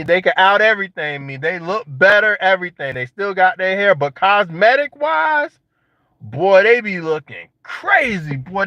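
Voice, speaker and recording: Brief: young guy, high lively voice, joking slangy vlog monologue, dry lo-fi sound. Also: no echo. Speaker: vlogger. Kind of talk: casual monologue to camera. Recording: dull lo-fi sound.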